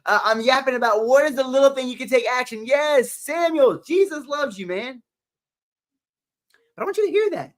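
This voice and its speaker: A man with a fairly high voice hosts a casual live stream. He chats upbeat and loose, calls out viewers by name and laughs easily between his encouragement. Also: lively intonation, moderate pace. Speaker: livestream motivational host. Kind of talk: live stream chat reading. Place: home livestream setup.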